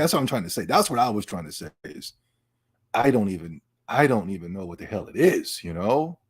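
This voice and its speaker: A man hosting a casual livestream podcast, excitable and stammering, talking to his live chat. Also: fairly low pitch, slightly rough. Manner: animated, excitable, repeats and stammers. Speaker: podcast host.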